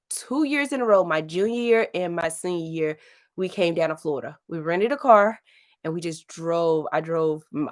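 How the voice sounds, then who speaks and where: A woman in her late thirties from St. Louis, chatting casually and rambling on a livestream, laughing often. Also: on the low side. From St. Louis, Missouri. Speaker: livestream host. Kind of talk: casual live chat.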